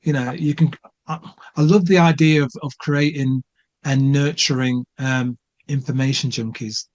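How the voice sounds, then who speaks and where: A man's voice: mid-range voice, steady tone, moderate pace. Bloke co-hosting a podcast, keen, repeats words while he thinks. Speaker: podcast co-host. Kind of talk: casual chat.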